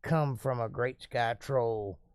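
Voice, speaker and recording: A man hosting a casual live stream, reading viewer comments aloud and answering them in a relaxed, talkative, folksy way. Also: medium pitch, slow pace, smooth, dry recording, clean studio sound.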